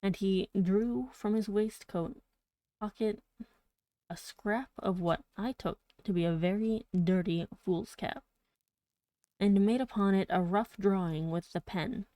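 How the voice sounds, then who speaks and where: A woman's voice: medium pitch, takes it slowly, dark tone, no echo. A woman streaming a casual live story reading, narrating the text and breaking off into chatty, giggly asides.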